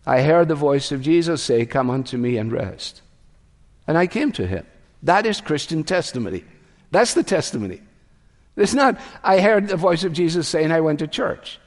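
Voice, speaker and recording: A man's voice: a little high, very animated, normal speed, long reverb tail. A man preaching a sermon in a church, earnest, asking his listeners questions and changing his voice for emphasis. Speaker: pastor.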